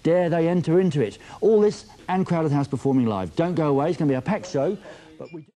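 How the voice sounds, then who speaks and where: A man's voice: a little high, expressive, fast, mellow. A man hosting a music TV show, chatty and self-mocking in a playful way. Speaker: TV host. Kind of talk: jokey TV show presenting.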